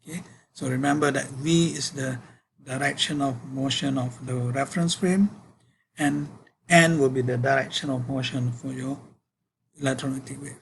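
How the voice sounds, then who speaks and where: A man giving a university physics lecture, working through equations in a halting way with many fillers and self-corrections. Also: mid-range voice, fairly even intonation, gravelly, slight background noise, poor audio.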